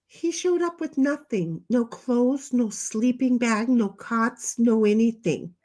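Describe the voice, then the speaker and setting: An older woman with a high voice hosts a casual livestream chat. She rambles from one comment to the next. She talks bluntly and swears now and then. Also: slow pace, dark tone. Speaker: livestream host reading chat.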